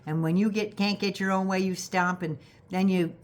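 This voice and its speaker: An older woman with a Canadian accent rants directly at her viewers in a sarcastic, scolding tone. She swears freely and pushes into loud, indignant bursts. Her voice sits at a middle pitch for a woman. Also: lively intonation, moderate pace. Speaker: vlogger. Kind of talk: direct-address political rant.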